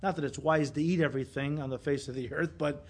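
High-voiced man preaching animatedly. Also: fast. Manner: animated preaching, acts out quoted voices with sudden loud emphasis. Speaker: pastor. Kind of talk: sermon.

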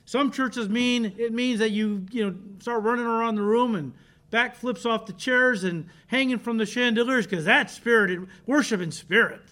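A man's voice: extremely high pitch, normal speed, a bit bright. A male pastor preaching a sermon, emphatic and direct with the congregation, repeating key words for stress.

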